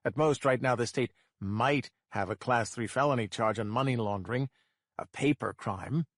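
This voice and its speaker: A man's voice: medium pitch, normal speed, dry recording, clean studio sound, natural voice. A man voicing an indignant male defense lawyer who protests emphatically in court.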